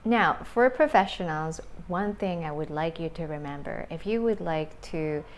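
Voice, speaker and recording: A woman teaching an English lesson on questions, speaking slowly and deliberately and modelling intonation with examples. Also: deep voice, slight background noise. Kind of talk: video lesson.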